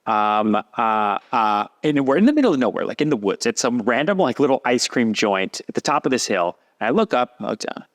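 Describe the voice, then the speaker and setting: A man, a podcast guest telling a long story in a lively casual way and acting out what others said. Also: medium pitch, brisk, hardly any pauses. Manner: animated, acts out quoted voices.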